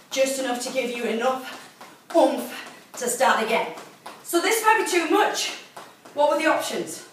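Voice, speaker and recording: Breathless woman coaching a workout. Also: high voice. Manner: encouraging, breathless cueing while exercising. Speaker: fitness instructor. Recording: very echoey room, distant mic, faint noise.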